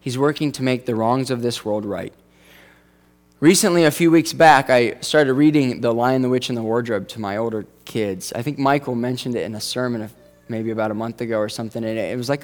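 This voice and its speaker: A man's voice: medium pitch, brisk. A man preaching a sermon as pastor, conversational with joking asides.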